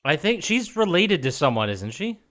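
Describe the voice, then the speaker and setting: Animated, higher-voiced male podcast co-host. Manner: jokey, animated, quick to laugh. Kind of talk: casual chat.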